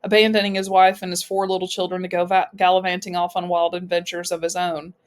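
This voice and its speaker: A menacing male overlord from a storybook speaks in a soothing, patronizing voice, put on by a woman reading aloud. He talks slowly and calmly, sitting low in pitch. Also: close to an everyday voice.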